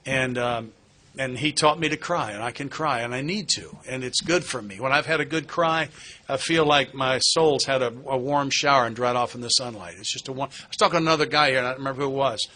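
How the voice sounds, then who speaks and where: A man's voice: medium pitch, brisk, bright, forceful tone. A middle-aged man giving a candid personal testimony at a recovery meeting, earnest and plain-spoken with touches of wry humor. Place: meeting hall.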